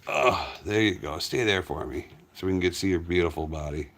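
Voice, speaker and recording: Deep-voiced man chatting on a live stream. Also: fairly quick, a bit bright. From United States. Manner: talks fondly to his dogs while reading viewer comments. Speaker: farm hospice channel host. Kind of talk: casual live stream chat.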